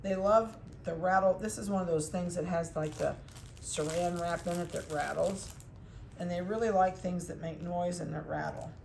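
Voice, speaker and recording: A woman's voice: lowish voice, fairly even intonation, normal speed, gravelly, darkish tone, slight background noise. Chatty woman breeder in an echoey room. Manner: chatty, coos to the puppies. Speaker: dog breeder. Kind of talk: casual video update.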